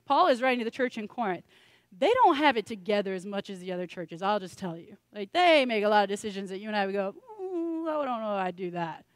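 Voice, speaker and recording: A woman's voice: medium pitch, lively intonation, fast talker, no room sound. A woman pastor preaching a sermon in a conversational, joking way, with self-deprecating asides.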